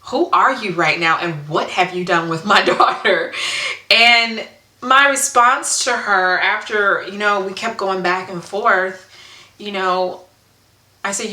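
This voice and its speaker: A woman's voice: medium pitch, takes it slowly, bright, forceful tone. A woman telling an emotional story in a casual vlog, earnest and full of ums as she checks her notes. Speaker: hair vlogger. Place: indoor room at home. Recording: echoey room.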